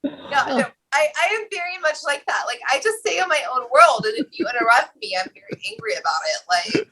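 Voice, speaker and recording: Animated, bright-voiced woman, blunt and profane. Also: high voice, a little fast, rough recording. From Indiana. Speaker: podcast co-host. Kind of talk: casual chat.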